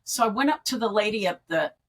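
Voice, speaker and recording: A middle-aged woman with a husky, slightly breathy voice at an ordinary pitch tells her story as a podcast guest. She talks over a video call. She is animated and keeps acting out what people said. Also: fast, poor audio. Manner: animated storyteller who acts out quoted speech. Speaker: guest, end-of-life doula and grief educator. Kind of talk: personal storytelling in a podcast interview.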